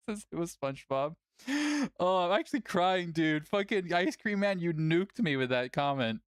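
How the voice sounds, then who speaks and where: A tournament host chatting casually on a livestream, animated, laughing often and swearing casually. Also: mid-range voice, a little slow, clear, resonant tone, no room sound, studio quality.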